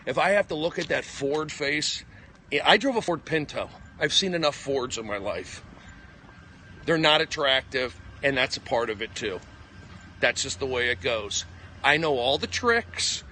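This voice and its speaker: A male comedian ranting in a rambling live stream monologue, combative, with jumpy pitch, recorded on a phone outdoors on a city walk. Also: lively intonation, unhurried, bright, forceful tone, slight background noise. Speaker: comedian livestreaming. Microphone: phone at arm's length.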